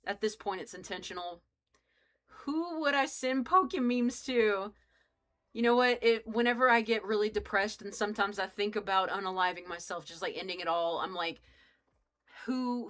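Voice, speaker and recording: Young woman game streamer, bright and forceful tone, loose rambling chatter, cusses freely, talks straight to chat. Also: mid-range voice. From United States. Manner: rambling, joking, swears freely, chats with viewers. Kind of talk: casual live-stream chat while playing.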